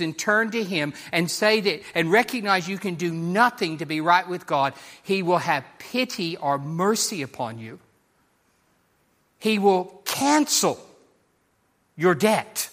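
A man's voice: high-pitched, fairly bright tone. A man preaching a sermon as pastor, earnest and emphatic, repeating key phrases and speaking straight to the congregation.

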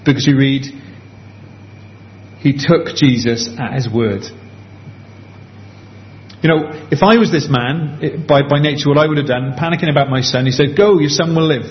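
Earnest man preaching, lo-fi. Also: mid-range voice. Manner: earnest, conversational, slows down for emphasis. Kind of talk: sermon. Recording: dull lo-fi with faint background hiss.

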